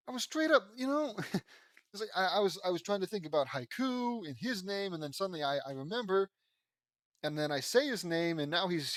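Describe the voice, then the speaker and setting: A man's voice: high-pitched, a bit bright, no room sound, clean studio sound. A man reading his own fan fiction aloud, casual and rambling, stumbling over names and breaking off to comment. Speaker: audiobook reader and author.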